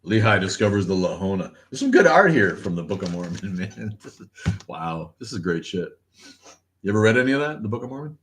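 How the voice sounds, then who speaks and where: A man's voice: on the low side, big pitch swings, brisk. A man hosting a casual livestream chat, telling loose stories, laughing often and swearing freely. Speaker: podcast host.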